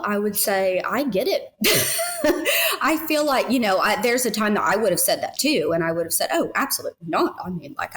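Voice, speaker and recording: A woman's voice: mid-range voice, fairly bright tone. A woman in her thirties talking as a foster parent guest in a heartfelt podcast conversation, earnest and emotional, with many fillers.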